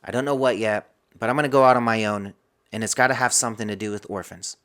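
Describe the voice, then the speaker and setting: A man's voice: on the low side, steady tone, fast, a bit bright, clear, resonant tone. A man as a podcast guest, telling a personal story and acting out his own inner dialogue.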